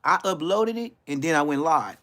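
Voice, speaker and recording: Loud laughing la guy in his 50s with an la accent roasting folks on a youtube live, pitch all over the place, mocking street talk. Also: lively intonation, normal speed. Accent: Los Angeles. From Los Angeles. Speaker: YouTube commentator. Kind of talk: live-stream roast monologue.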